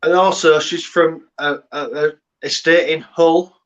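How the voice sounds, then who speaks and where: Teasing man with a bright, slightly high voice. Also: little pitch movement, unhurried, muffled recording. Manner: teasing, swears, says "mate". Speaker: podcast panelist. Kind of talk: casual banter.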